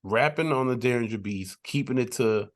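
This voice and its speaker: A man co-hosting a music podcast, talking in a relaxed, rambling way with frequent restarts. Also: medium pitch, moderate pace. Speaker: podcast co-host. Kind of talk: casual chat.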